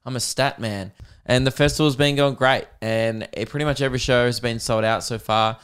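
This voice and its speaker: Man, Australian accent, 20s, podcast host, casual self-mocking chat, smooth clear voice. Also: medium pitch, steady tone, fairly quick, fairly bright tone. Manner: laid-back, self-mocking storytelling.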